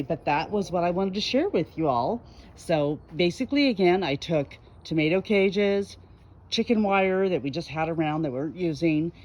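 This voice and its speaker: A woman's voice: low voice, darkish tone. A middle-aged woman, chatting casually and folksily in a garden vlog, recorded outdoors in her backyard on a handheld camera. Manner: chatty, folksy, rambling with fillers. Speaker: garden vlogger.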